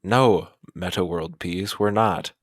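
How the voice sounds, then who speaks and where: A man's voice: sits low, slow pace, no room sound, clean studio sound. A man hosting a comedy podcast, bantering playfully with his co-host. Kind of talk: casual comedic chat.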